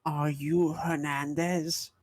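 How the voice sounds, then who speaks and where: Casting: a man doing a sick masked pilgrim, very slow and cryptic, fairly high voice, dry sound. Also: level tone, no echo. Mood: solemn. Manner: slow, solemn, odd delivery. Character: masked, sickly male pilgrim, cryptic and ominous.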